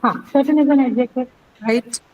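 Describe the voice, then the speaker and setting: A woman's voice: high-pitched, steady tone, fairly quick, a little mellow, rough recording. A woman teaching pronunciation in an online class, patient and step by step, repeating words and asking "okay?". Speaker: English teacher.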